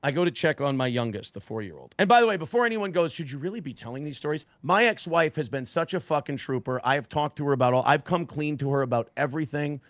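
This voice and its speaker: A man's voice: on the high side, expressive, fast talker, hardly any pauses, no echo. A man as a podcast guest, telling a story casually with heavy swearing and acting out what people said. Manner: heavy swearing, acts out quotes with shifting voices.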